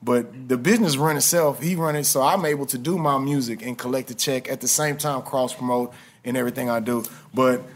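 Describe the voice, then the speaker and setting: A man, a guest on a podcast, telling stories in a relaxed, slangy way. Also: mid-range voice, a little fast. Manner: laid-back storytelling with slang. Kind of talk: casual interview chat.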